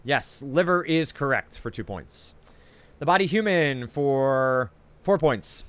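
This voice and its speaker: Animated Jersey-accented trivia host. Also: male voice, mid-range voice, no room sound. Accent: New Jersey. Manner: reads each clue twice, brisk and chatty, with frequent "uh". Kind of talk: reading trivia clues and scoring.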